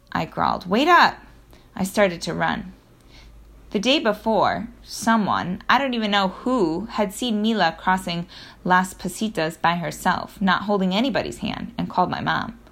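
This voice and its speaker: A woman narrating a children's audiobook in the first person, in a lively storytelling manner with occasional self-corrections. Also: lowish voice, vocal fry.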